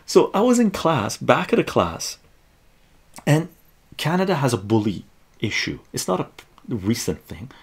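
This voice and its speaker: A man, swearing freely as he spins a casual live-stream story. His voice is gravelly and a bit husky, and his pitch swings widely from line to line. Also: moderate pace, long pauses. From Iran. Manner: profane and animated, tags lines with "right?".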